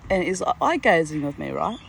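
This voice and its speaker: Her voice is low with big pitch swings, brisk and marked by vocal fry, and the low-quality recording carries a slight hiss or hum. This Australian vlogger in her sixties sits at home near a garden, spinning a meandering personal tale in a casual monologue, with frequent asides and laughs.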